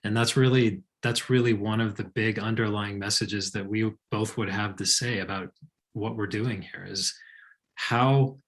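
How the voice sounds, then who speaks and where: Man co-host, fairly low voice, calm, reflective, reading letters aloud. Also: measured pace.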